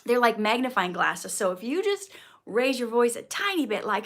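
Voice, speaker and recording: A woman in her thirties hosting a casual livestream, chatting warmly and encouragingly as she reads viewer comments aloud. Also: on the high side, animated, moderate pace.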